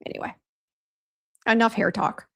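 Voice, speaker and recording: A woman's voice: a little high, steady tone, moderate pace, creaky, a bit bright, husky. A woman hosting a casual beauty livestream, chatting and venting while reading viewer comments aloud. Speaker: beauty brand host on livestream.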